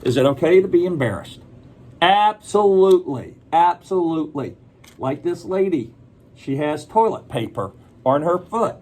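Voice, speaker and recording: A man with a slightly high voice reads a picture book to a group of children. He keeps it chatty, stopping to ask them questions and answer them. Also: expressive, normal speed, a little mellow.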